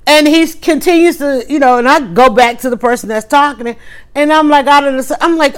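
A woman hosting a livestream, telling a story in a casual, animated way with quick restarts and emphatic asides. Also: high-pitched, clear, resonant tone. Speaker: livestream host.

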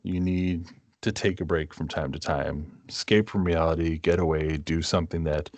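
A man's voice: very deep voice, steady tone, moderate pace, no echo. A man from New England co-hosting a podcast, talking casually and thinking aloud with plenty of fillers. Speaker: podcast co-host. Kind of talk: casual chat.

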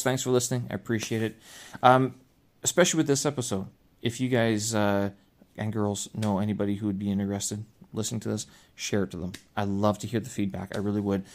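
A man who teaches English, hosting a solo podcast and talking casually. He rambles, restarts his sentences and fills pauses as he thinks aloud. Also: on the low side, a little mellow. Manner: rambling, with frequent restarts and filler. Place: lives in China.

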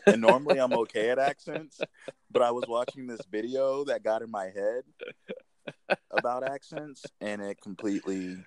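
A man hosting a podcast in a relaxed, casual way, with slang like "bro" and "man.". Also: medium pitch, normal speed, no echo. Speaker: podcast host. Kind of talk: casual conversation.

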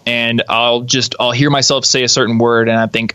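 A young man, a guest on a podcast, explaining his video workflow in a casual, animated way and laughing easily. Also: mid-range voice, moderate pace, clean tone, dry recording. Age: young adult. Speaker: guest, YouTube creator. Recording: slightly dull, dry sound.

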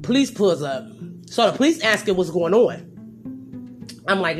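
A young adult woman casually telling a story to her viewers, with lively swings from loud outbursts to low asides. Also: measured pace, pauses often, soft background music. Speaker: storyteller vlogger.

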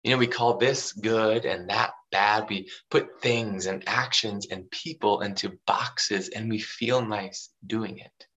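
A man delivers a sermon loosely and conversationally, frequently checking in with the listener and filling his speech with "you know" and "right." His voice is on the low side, bright and forceful, and the recording's highs are cut off.

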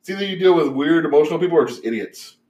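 A young man chats on his podcast in a loose, storytelling way. He rambles, swears freely, and gets animated at the strange parts, with plenty of fillers along the way. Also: fairly high pitch, very fast. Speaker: podcast host. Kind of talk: casual storytelling chat.

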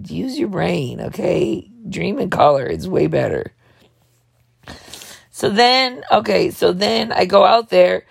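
Gravelly, over-the-top woman host. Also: lowish voice, expressive, dry recording, clean studio sound. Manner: talks fast, jumps between thoughts. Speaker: show host. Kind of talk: rambling comedic monologue.

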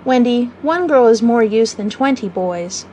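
A woman's voice: a little high, expressive, moderate pace, a little mellow, a little hiss or hum, lightly acted. A woman voicing a boastful, cocky young boy who speaks carelessly and crows about himself, in a storybook reading. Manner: crowing, careless.

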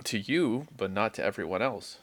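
A man's voice: on the low side, expressive, moderate pace, a bit bright. A man in casual chat, arguing emphatically and with mock indignation about his film opinions.

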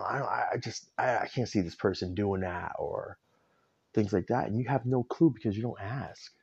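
A man's voice: on the low side, mellow, lo-fi sound. A man rambling through a candid personal vent, tearful and stumbling over his words. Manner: rambling, self-interrupting, candid. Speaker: vlogger. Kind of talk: personal emotional vent to camera.

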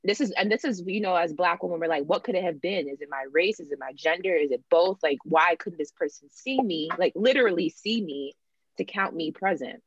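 A young woman with a lower voice talks through a personal story in an unhurried, candid way, slipping into the voices of the people she quotes. The sound is dull and lo-fi, with a dry, close feel and no room around it. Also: breathy edge, no room sound. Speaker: student sharing her experience. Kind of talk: casual podcast chat.

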